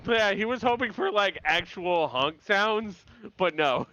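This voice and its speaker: A man's voice: high-pitched, expressive, a little slow, sharp tone, lo-fi sound. A man co-hosting a podcast, chiming in on a TV recap with quips and laughter. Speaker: podcast co-host. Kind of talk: casual TV episode recap.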